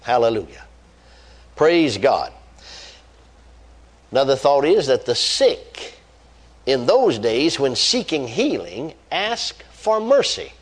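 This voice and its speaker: A man's voice: medium pitch, sing-song, slow, pauses often, husky. A man preaching a sermon, reading scripture aloud and driving points home with repeated phrases and fervent exclamations. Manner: reads scripture aloud then stresses points with rising emphasis.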